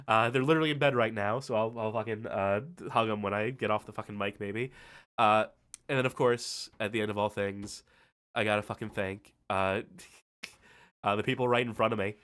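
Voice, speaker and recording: A man's voice: lowish voice, a bit bright, smooth. A man hosting a live stream, thanking his co-hosts in a rambling, heavily swearing way, tired and emotional, full of fillers and restarts. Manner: heavy swearing, rambling, halting with many fillers. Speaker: host. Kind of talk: casual stream thank-you speech.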